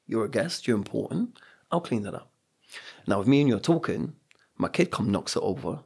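A man's voice: mid-range voice, animated, brisk, vocal fry, pauses often, husky. A middle-aged man with a British accent, talking earnestly on a podcast and telling stories with emphatic repetitions. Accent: British English. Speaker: podcast guest. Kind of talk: reflective podcast conversation.

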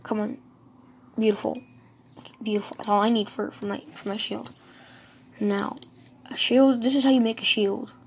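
A woman giving casual, excitable commentary while she plays a game, talking to herself. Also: mid-range voice, normal speed, pauses often, breathy edge. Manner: chatty, excitable, talks to herself. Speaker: gamer.

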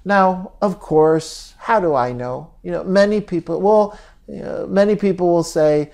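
A man speaking as a therapist in a slow, gentle, halting reflective talk with frequent pauses. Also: high-pitched, creaky.

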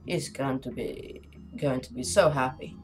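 A woman voicing a doting father in a game story, reading his lines softly and without much fuss. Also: very deep voice, unhurried, over music. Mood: fond.

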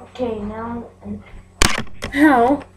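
A woman's voice: a little high, drawn-out words, noisy background. A woman giving casual, chatty commentary as she plays a game, often giggling. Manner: chatty and giggly, narrating aloud. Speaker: gameplay video host.

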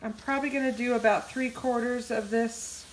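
A woman's voice: fairly high pitch, fairly even intonation, normal speed, slight background noise. Chatty woman host in an echoey kitchen. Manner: chatty, folksy, talks through each step. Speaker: home cooking show host. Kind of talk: casual cooking demonstration. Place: home kitchen. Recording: echoey kitchen, mic a bit far off.

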